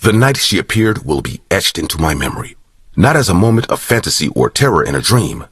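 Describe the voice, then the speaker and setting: A man reading a scripted story in an even, matter-of-fact way. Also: low-pitched, a little fast, breathy edge, dry recording, studio quality. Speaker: story narrator. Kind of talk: scripted narration.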